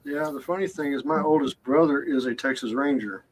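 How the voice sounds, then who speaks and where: A man's voice: mid-range voice, brisk, rough recording. A man in casual chat, telling family stories with emphatic asides. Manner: chatty, emphatic storyteller.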